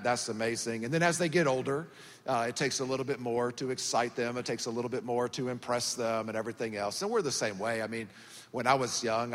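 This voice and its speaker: A man's voice: mid-range voice, a bit bright. A man in his thirties from Georgia with a Southern US accent, preaching as a guest pastor in a folksy, joking, conversational way. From Georgia, USA. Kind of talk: sermon. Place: large church auditorium. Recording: church hall reverb.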